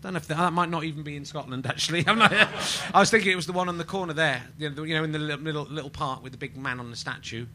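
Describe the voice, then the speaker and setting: A man's voice: fairly high pitch, rapid-fire, hardly any pauses, sharp tone. A man from England hosting a live podcast in front of a small audience, chatting in a rambling, mock-indignant, jokey way. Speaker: podcast host. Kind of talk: live stand-up podcast chat.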